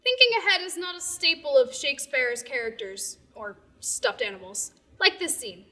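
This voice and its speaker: A woman's voice: high voice, sing-song, moderate pace, pushed and bright. A woman narrating a stage comedy, giving wry, dry commentary.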